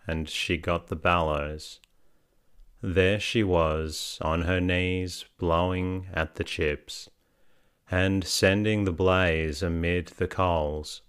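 A man narrating a bedtime sleep story in a calm, soothing, even reading. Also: low voice, clean tone, dry recording, clean studio sound.

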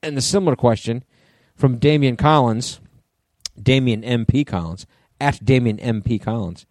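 A chatty man in casual podcast talk, slightly hoarse, reading out listener questions at a mid pitch. The sound is dry and close. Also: normal speed, a little mellow, dry recording. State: hoarse, clearing throat. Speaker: podcast co-host. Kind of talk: casual chat.

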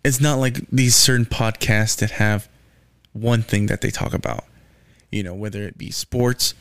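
A man's voice: fairly low pitch, steady tone, unhurried, fairly bright tone, clean tone, no room sound, studio quality. A young man hosting his own podcast, rambling casually with lots of swearing and fillers like "man" and "you know". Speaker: podcast host. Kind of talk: casual solo podcast rant.

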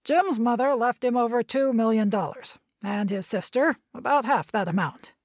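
A woman's voice: on the high side, moderate pace, dry recording, studio quality. A woman voicing an irritable, domineering grandfather in his nineties, lecturing sharply and impatiently.

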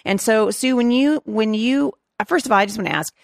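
A woman's voice: on the high side, a little fast, creaky, no echo, clean studio sound. A woman hosting an interview, asking long rambling questions full of fillers. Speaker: interview host. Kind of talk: conversational interview.

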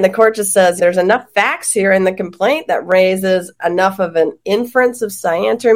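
A woman law professor on a podcast panel, talking in animated quick bursts and often laughing. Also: mid-range voice. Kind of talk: podcast roundtable discussion.

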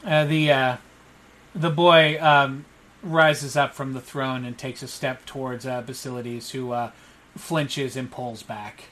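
A man narrating a tabletop game as game master, halting with frequent fillers. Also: medium pitch, fairly even intonation, fairly bright tone, slight background noise, low-quality recording.

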